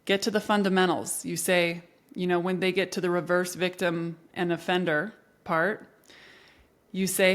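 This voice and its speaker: A woman's voice: lowish voice, little pitch movement, moderate pace. A middle-aged woman hosting a talk show, giving personal advice in an earnest, encouraging way and speaking straight to the listener. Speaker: podcast host.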